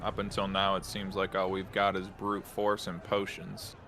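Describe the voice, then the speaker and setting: A man playing a tabletop game in character, easygoing and relaxed in delivery. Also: low voice, moderate pace, background noise. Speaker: player. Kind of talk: in-character tabletop role-play.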